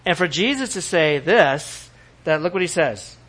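A middle-aged man preaches from the pulpit in a lively, animated way, slipping into other people's voices to act out what they said. His voice sits fairly high and sounds bright. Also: a little slow. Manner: animated, acts out quoted voices, laughs often. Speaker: pastor. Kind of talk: sermon.

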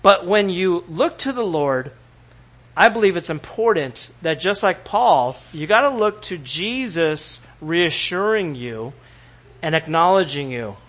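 A middle-aged male pastor preaching a sermon, animated and often acting out quoted voices. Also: high voice, a little slow.

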